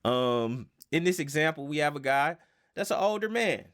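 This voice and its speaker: A man's voice: fairly high pitch, expressive, moderate pace, a bit bright, smooth. A man giving a casual self-help lesson, rambling with fillers and rhetorical questions.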